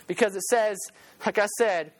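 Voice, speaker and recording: At a moderate pace and medium pitch, a preacher spins an energetic storytelling sermon, echoing phrases for emphasis and singing a line every so often.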